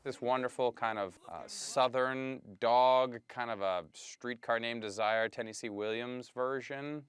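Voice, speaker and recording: A man's voice: medium pitch, steady tone, measured pace, fairly bright tone, clear, resonant tone, dry recording. A man, a voice actor, joking playfully about his castmates in a promotional interview.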